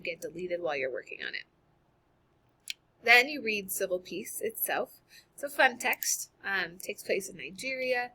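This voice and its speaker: A woman teacher walks through an online class assignment in a casual, upbeat way, with plenty of ums along the way. Her voice is bright and clear, and she sounds like she is talking into a computer mic at her desk. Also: mid-range voice. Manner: casual, upbeat, chatty with fillers. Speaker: high school English teacher. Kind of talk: recorded screen-share lesson walkthrough.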